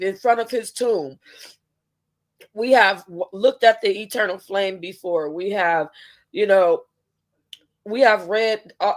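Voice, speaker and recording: A woman vlogger and mother talking in a casual vlog, emotional and heartfelt. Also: medium pitch.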